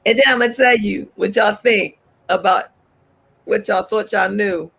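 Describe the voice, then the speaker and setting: Talk-show host, woman, gravelly and husky, animated and preachy, jumps high when she exhorts. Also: normal speed.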